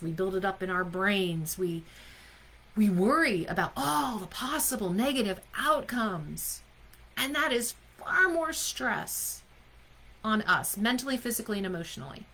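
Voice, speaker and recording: A woman with a bright, clear voice leads a live online coaching session as a leadership coach. She speaks with emphasis and keeps asking her audience questions. Her pitch sits in a middle range. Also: poor audio. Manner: emphatic, asks the audience questions, often adds "right?".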